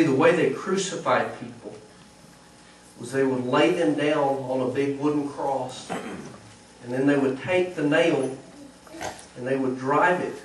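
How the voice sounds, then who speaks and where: A man preaching a storytelling sermon in church, animated, acting out the voices of the people in the story. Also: mid-range voice, distant mic, a little hiss or hum. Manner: animated, acts out quoted voices. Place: church sanctuary. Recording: echoey church recording from afar.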